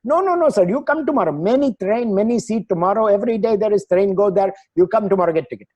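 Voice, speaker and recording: A man's voice: high voice, lively intonation, fast, a little mellow, pitched above the performer's own voice. A man putting on a stubborn ticket clerk. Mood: insistent. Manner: insistent, repetitive, broken English. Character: polite stubborn male train ticket clerk in India.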